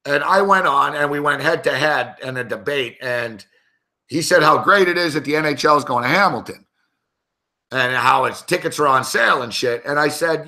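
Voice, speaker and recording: Sports betting guy ranting thru a story, swears a ton, bright punchy voice, kinda high. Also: normal speed. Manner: profane, heated, animated anecdote-telling. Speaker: sports betting show panelist. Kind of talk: casual storytelling.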